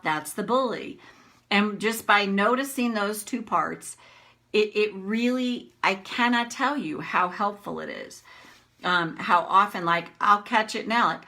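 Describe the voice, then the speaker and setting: A woman coach in a casual talk to camera, animated, acting out her inner voices with many fillers and restarts. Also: medium pitch, measured pace.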